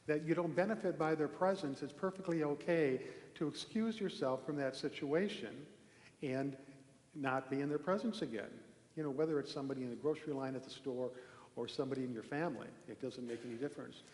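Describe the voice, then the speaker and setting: A man giving a relaxed, conversational sermon from a temple hall, telling a story with pauses and restarts. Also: fairly high pitch. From Norway. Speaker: minister giving a talk. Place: large echoey temple hall. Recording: echoey hall with long reverb.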